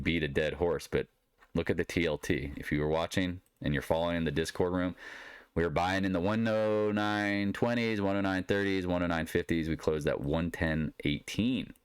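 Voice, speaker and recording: A man's voice: low-pitched, clear, resonant tone, no room sound. A man giving a rambling solo market recap in a blunt, sarcastic manner. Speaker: market commentator.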